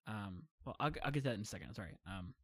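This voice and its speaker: A man's voice: lowish voice, quick pace, breathy edge, no room sound. A young man casually telling a long travel story, rambling with many fillers and acting out quotes. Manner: rambling, filler-heavy, animated retelling. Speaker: guest storyteller.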